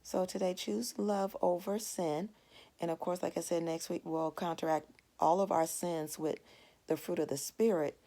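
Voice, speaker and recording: A woman's voice: lowish voice, steady tone, normal speed, dark tone. A woman in her forties teaching a devotional Bible lesson in a conversational, earnest way, telling a family story to make her point. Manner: earnest, storytelling with plain everyday asides.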